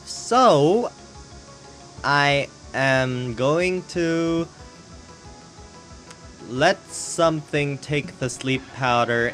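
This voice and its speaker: A man's voice: medium pitch, fairly bright tone. A man giving casual live commentary on online battles, rambling and joking with the odd swear word, at home on a hot day. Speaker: game commentator.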